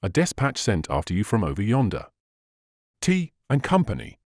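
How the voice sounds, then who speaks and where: A man voicing a hoarse messenger calling out from horseback. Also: on the low side, huge pitch swings, normal speed, a little mellow, no room sound, clean studio sound, exaggerated voice. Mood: urgent.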